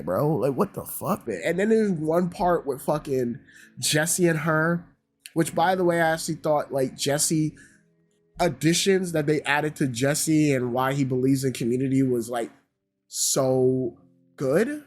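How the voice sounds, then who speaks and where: A man's voice: a little high, unhurried, soft background music. A man giving a casual, ranting review, swearing heavily and sounding exasperated. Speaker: YouTube reviewer.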